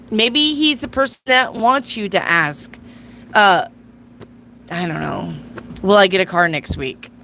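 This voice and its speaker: Female tarot reader, live-stream host, blunt and casual with swearing, bright, forceful voice. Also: medium pitch, a little hiss or hum, rough recording. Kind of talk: live tarot reading with chat questions.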